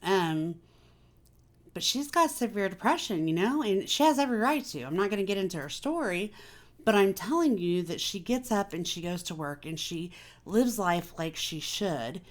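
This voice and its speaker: A woman's voice: mid-range voice, animated, moderate pace. A woman hosting a casual personal chat, talking candidly and confidingly with many fillers. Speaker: vlog host.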